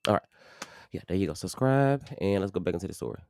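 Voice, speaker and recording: A man with a low voice runs a live stream, talking straight to his viewers with preachy, animated energy. The sound is dry and close, with no room around it. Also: fast talker, creaky, clean tone, no room sound. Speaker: livestream host. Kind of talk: livestream commentary.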